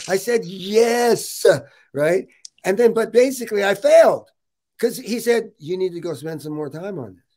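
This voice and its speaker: A middle-aged man hosting a podcast, telling a personal story in a casual, animated way and saying "dude" often. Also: sits high, normal speed. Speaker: podcast host. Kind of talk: casual interview chat.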